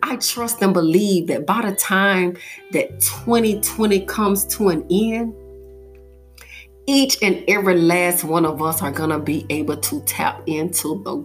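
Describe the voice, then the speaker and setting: A young woman hosting a podcast, telling a personal story in an earnest, heartfelt motivational monologue. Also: low voice. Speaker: podcast host.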